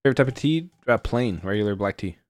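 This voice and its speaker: Young guy hosting a podcast, lowish voice, mumbles, swears casually, dry close mic. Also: animated, fast talker, no room sound. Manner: laid-back, swears casually, mumbled answers. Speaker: podcast host. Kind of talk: casual chat, quick-fire questions.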